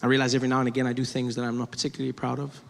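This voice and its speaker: A man's voice: mid-range voice, monotone, rapid-fire, creaky. A male stand-up comedian telling a story in a conversational, self-deprecating way, often stopping to restart a sentence. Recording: reverberant live hall with audience noise.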